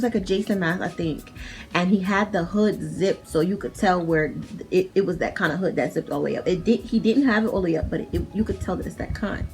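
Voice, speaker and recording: A woman's voice: mid-range voice, a little mellow. Chatty New York woman, swearing freely. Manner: chatty, profane, lots of "like" and restarts. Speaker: vlogger. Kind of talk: casual storytime. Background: faint music.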